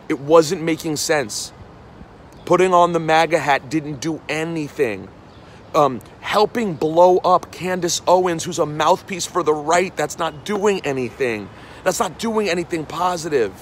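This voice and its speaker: A radio host in his forties from New City, New York City, walks down a city street delivering an angry rant to camera, scolding people and repeating lines for emphasis. His voice is fairly high-pitched, and the recording carries slight hiss or hum.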